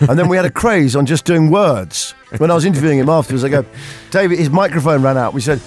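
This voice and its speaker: A man's voice: on the high side, fast talker, darkish tone, soft background music. A man hosting a radio show, telling rambling anecdotes in casual chat. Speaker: radio host.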